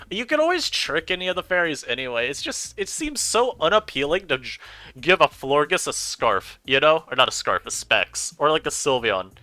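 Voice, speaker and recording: Guy streaming a game and talking it through, super bright sharp voice, bouncy, laughs a lot. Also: a little high, no echo. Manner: animated, chatty, laughs often. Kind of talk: live gameplay commentary.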